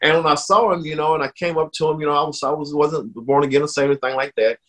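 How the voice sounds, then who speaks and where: A man sharing his personal faith testimony in an interview, speaking earnestly with halting restarts that grow more emotional. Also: a little high, fairly even intonation, fairly bright tone.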